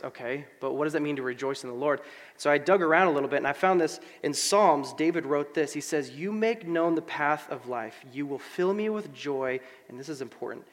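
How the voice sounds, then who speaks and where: A man preaching a sermon in a conversational, animated way, with casual asides and fillers. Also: mid-range voice. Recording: long hall reverb.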